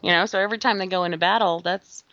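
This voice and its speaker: A woman's voice: mid-range voice, steady tone, very fast, fairly bright tone, no room sound. A woman co-hosting a podcast in casual chat, bubbly and laughing often, on dull lo-fi audio. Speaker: podcast co-host.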